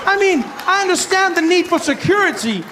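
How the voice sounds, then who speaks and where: Animated stand-up comedian, high voice. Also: male voice, a little fast, some chatter behind, slight background noise. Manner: animated storytelling, lots of acted-out voices.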